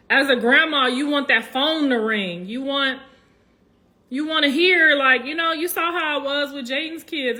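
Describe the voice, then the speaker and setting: Middle-aged grandmother vlogging to camera, slightly high and bright tone, earnest with lots of "you know" restarts. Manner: halting and rambling, full of "you know" restarts; earnest, apologetic yet defensive. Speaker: grandmother addressing viewers. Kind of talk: casual talk to camera.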